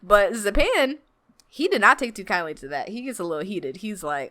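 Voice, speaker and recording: A woman podcast host recapping a graphic novel in casual chat, animated, often laughing and saying 'like'. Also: mid-range voice, normal speed, dry recording.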